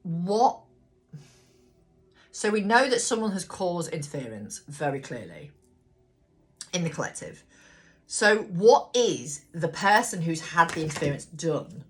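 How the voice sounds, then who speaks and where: A woman's voice: sits low, expressive, a little slow, soft background music. Sweary woman reading tarot cards. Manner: chatty, blunt and sweary, talks to the cards. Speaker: tarot reader. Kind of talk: casual live tarot reading. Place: home room with a ring light.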